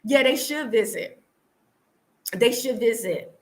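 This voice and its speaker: An American vlogger answers viewers during a casual live stream from her home in Tanzania, speaking earnestly with many restarts and repeats. Her fairly high voice has lively intonation and a slow pace, captured on a low-quality recording.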